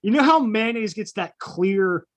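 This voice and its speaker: A man's voice: high-pitched, lively intonation, measured pace, fairly bright tone. A middle-aged man, a podcast co-host, telling a profane story in casual chat and acting out the people in it.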